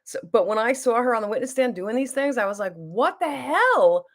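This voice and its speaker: A woman's voice: fairly high pitch, fast talker. A middle-aged woman chatting casually as she does her makeup and reads viewer comments aloud. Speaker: beauty vlogger. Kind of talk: casual get-ready-with-me chat.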